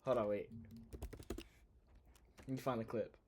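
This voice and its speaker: A young man streaming a casual reaction, talking loudly in slangy, animated exclamations. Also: mid-range voice, a little slow, background noise. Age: young adult.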